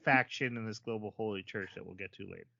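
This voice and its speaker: Bright-voiced man recapping a story. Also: on the low side, fast talker, creaky, no echo, lo-fi sound. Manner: summarizes plot at length with many fillers. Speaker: podcast co-host. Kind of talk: casual chat recapping an episode.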